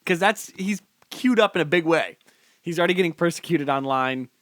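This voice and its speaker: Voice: medium pitch, lively intonation, brisk, a bit bright, no echo, clean studio sound. A podcast co-host in casual chat, joking and rambling with lots of fillers.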